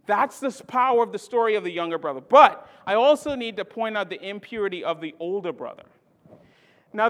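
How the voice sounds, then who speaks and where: A pastor preaching a sermon emphatically, repeating key phrases and swinging between loud stresses and hushed lines. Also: mid-range voice.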